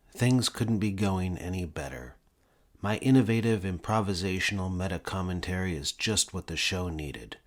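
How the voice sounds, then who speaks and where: Low-voiced guy doing deadpan wry audiobook narration of a funny novel. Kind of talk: comic first-person audiobook narration.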